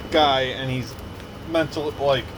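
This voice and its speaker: A man's voice: mid-range voice, slow, over a noisy crowd, rough recording. A man in casual chat, joking and acting out the people in his stories.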